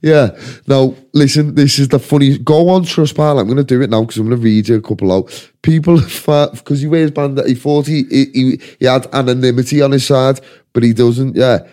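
A man's voice: medium pitch, a little fast, mellow. A man with a Scouse accent, hosting a casual comedy podcast, ranting and swearing as he rambles. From Liverpool, England. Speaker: podcast host. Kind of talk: casual chat.

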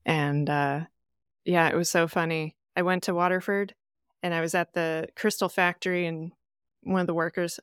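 A woman's voice: on the low side, moderate pace, clear, resonant tone, no echo, clean studio sound. A woman from the American Midwest, a podcast guest chatting casually and acting out the people she quotes. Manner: animated storyteller, acts out quoted voices.

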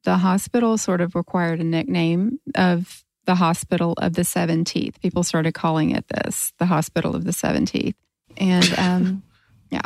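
A woman's voice: lowish voice, fairly even intonation, moderate pace, vocal fry, a little mellow, no room sound. A woman co-hosting a podcast, telling a spooky story in a dramatic, teasing way. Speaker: podcast co-host. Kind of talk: casual storytelling chat.

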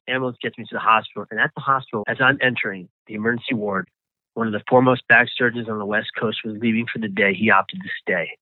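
A guest in an interview, the man describes surviving his ordeal, his medium-pitched voice breaking off and repeating words now and then. The line is thin and phone-like. The audio is dry and close, with no surrounding room.

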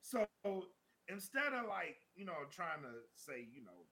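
A man in his thirties, a podcast co-host, telling a story in casual chat, laughing often and acting out shouted quotes. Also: a little high, very animated, measured pace, gravelly.

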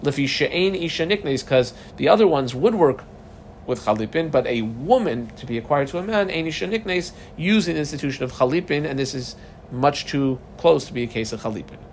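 A man giving a casual, lively Talmud lesson, mixing Hebrew terms into conversational English. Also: on the high side, a little fast, slight background noise. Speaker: Talmud teacher.

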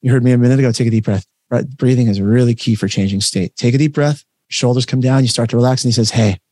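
A man coaching a workshop over a video call, talking in an energetic, conversational and emphatic way. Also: mid-range voice, quick pace, no echo. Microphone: webcam setup, facing camera.

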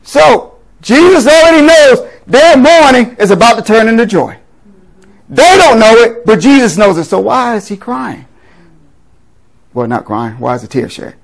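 A pastor reading scripture aloud and explaining it in a conversational teaching sermon, often checking in with a quick rhetorical question. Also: male voice, very high voice, sing-song, vocal fry, low-quality recording.

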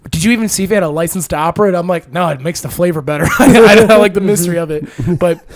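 A man's voice: high-pitched, rapid-fire. A man co-hosting a podcast, telling a rowdy story in casual chat and acting out quotes with laughs. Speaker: podcast co-host.

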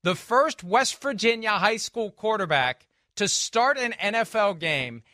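A man's voice: sits high, expressive, measured pace, bright, forceful tone, no room sound, clean studio sound. A man hosting a football picks show, delivering spreads and picks with wry, emphatic, playful jabs. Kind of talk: casual sports picks chat.

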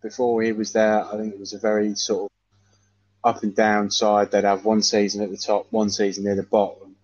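A man in casual football chat, hesitant and measured, often repeating himself. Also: fairly low pitch, monotone, darkish tone, no echo. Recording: dull dry lo-fi sound.

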